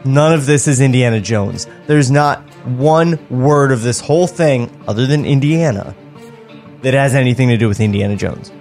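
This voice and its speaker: A man's voice: medium pitch, normal speed, a little mellow, faint music behind. A man co-hosting a comedy podcast, reading screenplay narration aloud and breaking off into incredulous rants. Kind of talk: comedic table read narration.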